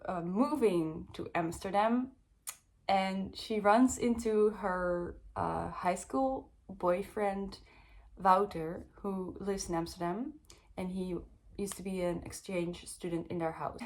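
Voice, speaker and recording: A woman's voice: medium pitch, fairly even intonation, slow, darkish tone. Chatty young woman. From Netherlands. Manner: chatty, rambling, lots of ums and likes. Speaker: book reviewer. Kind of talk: casual book review chat.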